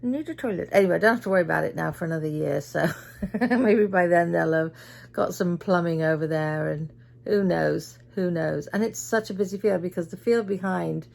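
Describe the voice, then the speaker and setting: A woman's voice: fairly low pitch, a little fast, creaky, a little mellow. A tired middle-aged woman from Britain, chatting through her day in a casual vlog and acting out what people said. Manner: chatty storyteller, acts out quoted voices. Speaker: vlogger.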